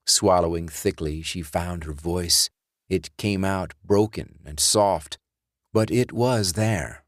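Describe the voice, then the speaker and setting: A man reading a horror audiobook in a slow, measured storytelling voice. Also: low-pitched, no room sound, clean studio sound. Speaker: audiobook narrator. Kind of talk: scripted horror narration.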